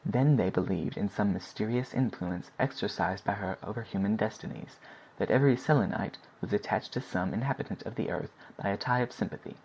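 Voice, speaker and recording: A man narrating a classic novel as an audiobook in a steady, even reading. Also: lowish voice, brisk, slight background noise. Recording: dull lo-fi recording.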